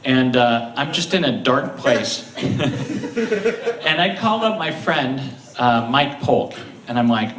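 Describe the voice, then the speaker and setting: A man telling funny stories on stage at a live show, chuckling through them with halting restarts. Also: mid-range voice, lively intonation, fairly bright tone, a little hiss or hum. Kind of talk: live comedic storytelling. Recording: roomy, distant live-stage mic.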